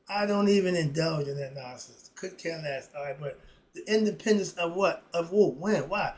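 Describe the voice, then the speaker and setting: A man's voice: on the high side, poor audio. A man giving a solo opinion monologue as a philosophy commentator, ranting in a heated, sarcastic and rambling way with lots of repetition.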